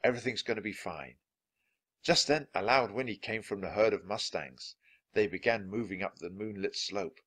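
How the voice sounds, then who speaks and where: A man reading a children's chapter book aloud, clear and deliberate for learners of English. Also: fairly low pitch, a bit bright. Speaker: storybook reader.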